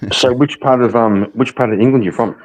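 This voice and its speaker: A man's voice: medium pitch, brisk. A man from Northern Ireland co-hosting a stream, chatting casually in a teasing, blunt way. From Northern Ireland, born in Belfast. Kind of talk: casual chat.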